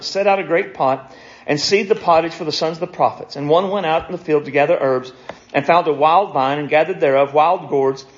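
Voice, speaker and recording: A man preaching a sermon, retelling scripture stories in a casual way and reading verses aloud quickly. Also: fairly high pitch, dull audio.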